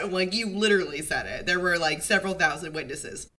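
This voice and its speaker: Bright, lively young woman co-hosting. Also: lowish voice, fairly quick, few pauses. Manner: animated, acts out characters in quotes. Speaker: podcast co-host. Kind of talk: casual recap chat.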